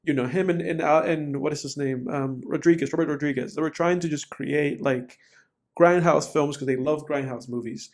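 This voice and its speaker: A man with a fairly high voice co-hosts a casual film podcast. He rambles in an animated way, leaning on fillers as he works through his points. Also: normal speed. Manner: rambling, animated, frequent fillers like "you know". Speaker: podcast co-host. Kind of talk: casual film review chat.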